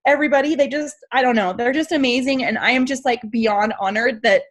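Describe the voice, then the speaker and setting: A woman's voice: a little high, a little fast, low-quality recording. A woman on a team video call, gushing and emotional as she praises teammates, with lots of fillers. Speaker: team member giving shout outs.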